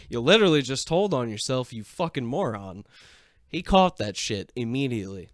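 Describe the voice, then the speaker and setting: A man's voice: mid-range voice, lively intonation, moderate pace, clean tone, no echo, studio quality. A young man casually telling a personal story, swearing freely and mocking himself as he rambles along. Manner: profane, self-mocking, rambling.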